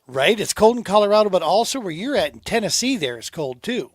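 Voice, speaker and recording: A man's voice: sits high, big pitch swings, a little fast, breathy edge, no echo, studio quality. Laid-back middle-aged male podcast host. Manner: laid-back, rambling, says dude and man often. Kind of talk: casual interview chat.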